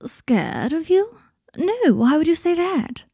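Storybook read: woman voicing a languid, teasing young wizard; raised pitch, unhurried drawl, dry close sound. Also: big pitch swings, vocal fry, dark tone, no room sound, heavily acted. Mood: sly. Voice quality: slow drawling delivery. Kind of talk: fan fiction audiobook reading.

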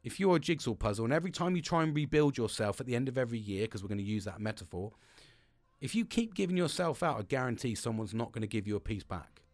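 Man, podcast host, rambling, sweary, dry close sound, mid pitch. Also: sing-song, fast talker, darkish tone, no room sound. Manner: rambling, swears freely, frequent laughs. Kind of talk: casual motivational monologue.

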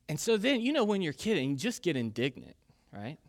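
A pastor in his thirties preaches a casual, conversational sermon full of personal stories. His fairly high voice is sing-song and quick, and he's self-deprecating, using lots of fillers.

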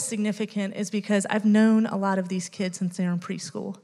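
A woman's voice: mid-range voice, flat delivery, normal speed, few pauses, warm tone, in a large hall. A woman in her late thirties giving an earnest church testimony with many ums. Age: late 30s. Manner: earnest, many ums, emotional toward the end. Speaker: youth ministry volunteer sharing a testimony.

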